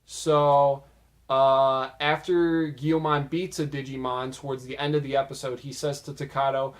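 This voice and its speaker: A man's voice: medium pitch, unhurried. A young man casually talking through funny cartoon scenes, chatty with many fillers. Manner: chatty, filler-heavy, relaxed. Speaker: video host.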